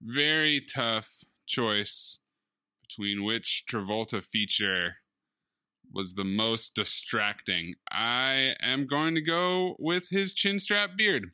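A man co-hosting a podcast, reviewing a movie in casual chat with wry, deadpan jokes. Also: mid-range voice, takes it slowly, clear, resonant tone, no echo, studio quality. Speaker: podcast co-host.

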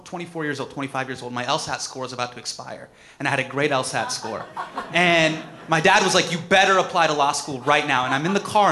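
A comedian in his thirties giving a personal tribute speech, telling a story with lively acted-out moments. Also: mid-range voice. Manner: animated storytelling, acts out quotes.

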